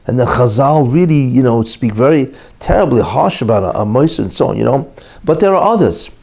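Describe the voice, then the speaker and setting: A rabbi teaching a Torah class in a loose, chatty way, with "you know" every few phrases. He acts out the people in his story as he goes. His voice sits at a middle pitch with a mellow, dark tone. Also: expressive, fairly quick, vocal fry. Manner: conversational, many fillers like "you know"; acts out quoted characters in the story. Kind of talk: informal Torah lecture with storytelling.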